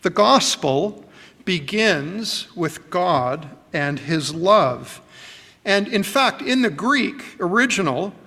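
Pastor guy preaching real slow, kinda high voice, lots of ums, big echoey church. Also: creaky, sharp tone. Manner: earnest, measured, many ums and uhs. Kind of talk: sermon. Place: church hall with long reverb. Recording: reverberant church hall.

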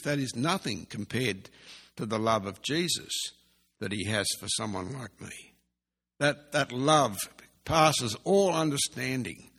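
A man preaching a sermon in an earnest way, slowly repeating key phrases for emphasis. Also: medium pitch. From Australia. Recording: long hall reverb.

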